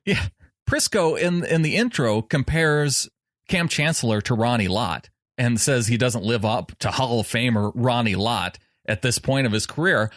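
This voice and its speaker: A man's voice: medium pitch, moderate pace, fairly bright tone, no echo, clean studio sound. A man co-hosting a sports podcast, chatting in an easygoing way and laughing often. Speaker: podcast co-host. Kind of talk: casual sports chat.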